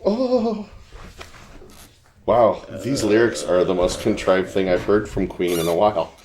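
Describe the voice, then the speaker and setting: A man's voice: sits low, very animated, unhurried, a little mellow, a little hiss or hum. A man co-hosting a casual podcast about an album, joking and laughing often. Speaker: podcast co-host. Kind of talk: casual chat about music.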